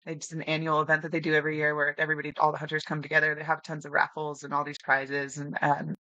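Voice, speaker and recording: A young woman guest telling lively stories in a casual interview, acting out quotes and laughing often. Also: deep voice, fast talker, no echo, lo-fi sound. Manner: animated storyteller, acts out quotes, laughs often. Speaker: podcast guest, new hunter.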